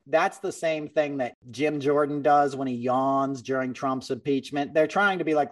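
Blunt, animated man a bit off-mic. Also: on the high side, moderate pace, recorded from a distance. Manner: blunt, animated, mimics people he talks about. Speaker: podcast host. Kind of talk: casual political chat and storytelling.

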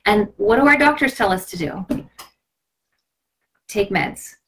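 A woman's voice: medium pitch, big pitch swings, measured pace, fairly bright tone. A woman with a mid-range voice hosting a casual live video stream. She talks in a gushing, impassioned way and sometimes slides into a preachy tone. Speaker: host of a live product video.

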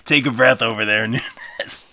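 A relaxed man co-hosts a wrestling watch-along, laughing along and rambling with plenty of likes and you knows. His mid-pitched voice is very bright and forceful, recorded dry and close. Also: unhurried, dry recording. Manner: laid-back, laughing often, lots of likes and you knows. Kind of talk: casual watch-along chat.

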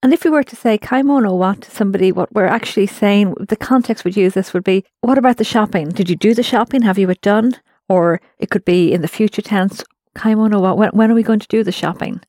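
A woman's voice: mid-range voice, quick pace, hardly any pauses, a little mellow, dry recording, studio quality. A woman teaching a language class, explaining phrases patiently and prompting her students with questions.

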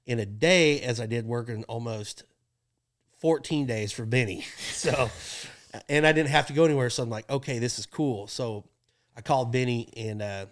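A young man casually telling stories about his rodeo work, animated and often laughing as he acts out what people said. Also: medium pitch, normal speed. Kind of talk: casual storytelling chat.

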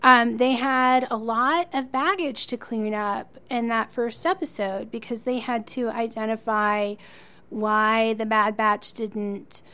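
A woman's voice: fairly high pitch, fairly even intonation, takes it slowly, pushed and bright, clear, resonant tone. A woman co-hosting a podcast, chatting enthusiastically as a fan and laughing often. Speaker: podcast co-host. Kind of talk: casual chat.

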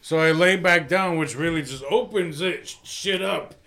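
A man co-hosting a casual comedy podcast, telling a crude story with lots of swearing and animated bursts. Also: on the high side, moderate pace. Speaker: podcast co-host.

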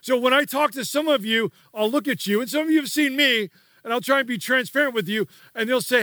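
A man's voice: extremely high pitch, fairly quick, pushed and bright, dry recording, clean studio sound. A man preaching a sermon as pastor, emphatic and repetitive, prompting the congregation to repeat key words.

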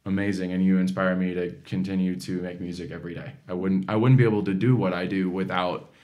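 Animated young man telling stories. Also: low voice, quick pace. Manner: enthusiastic storyteller, animated. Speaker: singer, talent show contestant. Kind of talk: interview guest.

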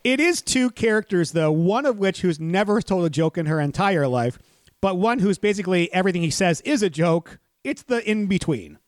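Animated high-voiced male podcast host. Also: moderate pace, dry recording. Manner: animated, laughs easily. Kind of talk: movie recap and casual chat.

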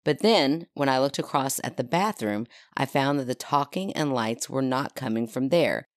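A woman's voice: a bass voice, lively intonation, moderate pace, no echo, studio quality. A woman hosting a podcast, chatting casually with laughing asides and reading out a listener's story. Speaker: podcast host.

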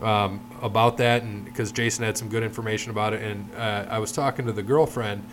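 A man's voice: fairly low pitch, steady tone, brisk, a bit bright, a little hiss or hum. A middle-aged man hosting a casual podcast, telling long stories with a lot of swearing. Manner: rambling, profane storyteller. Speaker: podcast host.

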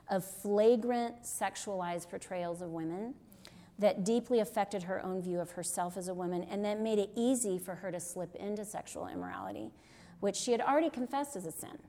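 This middle-aged deliverance ministry teacher speaks a little fast, her mid-range voice animated and warm. Her sermon-style teaching is earnest and conversational, and she keeps checking in with listeners through frequent rhetorical "right?"s.

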